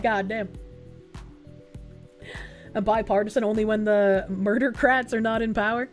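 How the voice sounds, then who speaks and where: A woman's voice: mid-range voice, fairly even intonation, a little slow, long pauses, soft background music. Sarcastic, foul-mouthed woman streamer. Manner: sarcastic, blunt, profane. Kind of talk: reading an article aloud and reacting.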